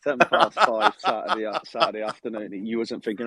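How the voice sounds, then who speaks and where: A man's voice: fairly low pitch, a little fast, slightly rough, no echo. A man, telling a story in casual chat over a call from outside in his garden, swearing a lot. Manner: animated storytelling with heavy swearing. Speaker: footballer calling in. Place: outdoors in a garden.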